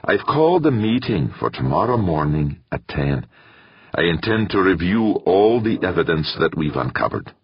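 A man voicing a weary older male committee chairman who speaks in a measured, grave way. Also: low voice, very animated, breathy edge, no room sound, dull audio, heavily acted.

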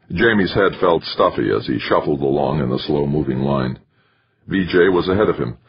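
A man reads an audiobook at a steady, measured pace. His voice is extremely deep and husky, and the recording sounds dull and lo-fi. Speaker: audiobook narrator. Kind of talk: scripted narration.

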